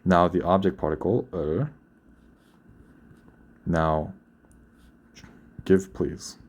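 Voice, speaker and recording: A man's voice: sits low, takes it slowly, a little mellow. A young man teaching a grammar lesson, explaining patiently and often repeating or correcting himself. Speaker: Korean language teacher.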